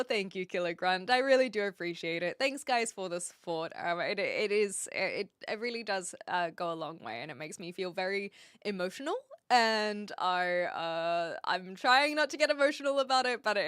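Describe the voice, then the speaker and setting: Bright, chatty New Zealand woman streamer. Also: medium pitch, normal speed, smooth, no room sound, clean studio sound. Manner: chatty and animated, thinking aloud with many fillers while answering chat. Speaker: livestreamer. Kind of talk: casual live-stream chat with viewers.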